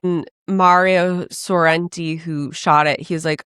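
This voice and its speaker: A woman with a fairly low voice co-hosts a podcast in a casual chat. She tells stories with energy and acts out the people in them. The sound is dry and close, with no room in it. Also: slow, smooth, dry recording. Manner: animated storytelling, acts out quoted people. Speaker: podcast co-host.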